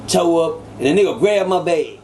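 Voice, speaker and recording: A man telling old street stories as an interview guest, animated and acting out quoted voices. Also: normal speed, slight background noise. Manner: animated, acts out quoted voices with sudden pitch jumps. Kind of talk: casual storytelling.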